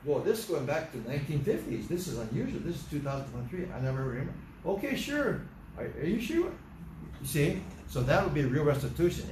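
A man's voice: on the high side, background noise. A man preaching a sermon as pastor, telling stories and briefly acting out the voices in them. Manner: animated storytelling, acts out quoted voices. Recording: echoey room, voice from far off.

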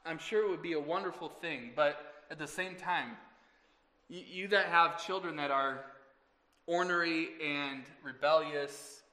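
A man preaching a Mother's Day sermon to his congregation, earnest and often rising loud on scripture, with asides to the listeners. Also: on the high side, a little slow, long reverb tail. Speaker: pastor.

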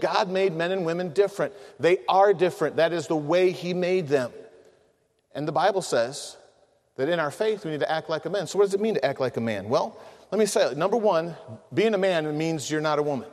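A middle-aged man preaching a sermon to men, telling humorous family stories in an animated way and acting out the voices of the people in them. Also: high voice, a little fast. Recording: long reverb of a large hall.

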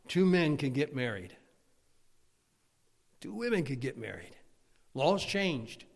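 A man preaching a sermon as pastor, emphatic, his loudness rising and falling. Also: on the high side, gravelly, husky. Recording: long hall reverb.

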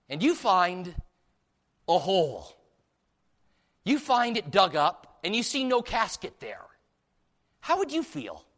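A man's voice: high voice, a bit bright. A man preaching a sermon in a church service, putting many questions to the listeners. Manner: asks the congregation many rhetorical questions.

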